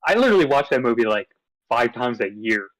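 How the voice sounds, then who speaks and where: A man's voice: mid-range voice, sing-song, fast talker, a bit bright, no echo, poor audio. A man co-hosting a movie podcast in casual chat, easygoing, running through his picks from notes with fillers. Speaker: podcast co-host.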